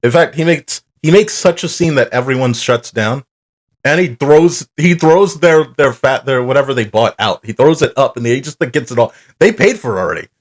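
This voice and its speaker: A man co-hosts a casual podcast about cartoons. He talks in a loose, rambling way and peppers his plot recaps with swearing and animated asides. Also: medium pitch, normal speed. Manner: rambling, profane, animated retelling. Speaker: podcast co-host. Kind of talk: casual chat.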